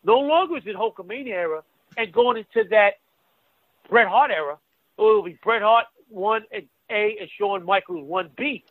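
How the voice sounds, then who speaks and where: A man's voice: high-pitched, normal speed, no room sound. Man on a tinny phone line. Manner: emphatic, stumbling restarts. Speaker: wrestling podcast co-host. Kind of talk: casual chat.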